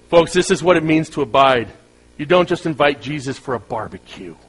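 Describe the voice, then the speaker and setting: A man's voice: on the high side, fairly bright tone, slightly rough, low-quality recording. Conversational man preaching a sermon. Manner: conversational preaching with humorous asides and rhetorical questions. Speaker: pastor.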